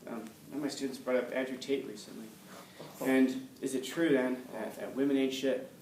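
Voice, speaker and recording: A man's voice: medium pitch, fairly even intonation, moderate pace, a little mellow. A man teaching a class, blunt and forthright, who keeps throwing rhetorical questions at his students. He is picked up from some distance away in an echoey classroom. A faint hum runs under his voice. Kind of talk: classroom lecture.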